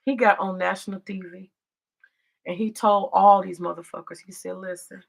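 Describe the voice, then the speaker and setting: A woman's voice: mid-range voice, fairly even intonation, moderate pace, vocal fry. A woman from the United States giving profane, confrontational vlog commentary in a preachy manner.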